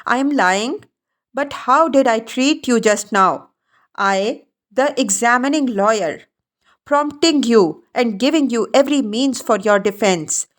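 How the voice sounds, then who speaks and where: A woman's voice: fairly high pitch, unhurried, close to an everyday voice. A woman reading the part of a sly, good-humored male examining lawyer with an ironic, needling manner.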